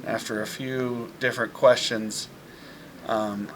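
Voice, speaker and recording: A man's voice: mid-range voice, little pitch movement, unhurried, slight background noise. A man speaking a fond, rambling message to his mother about a childhood memory, with many fillers. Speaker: eldest son sharing a memory. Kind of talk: heartfelt message to camera.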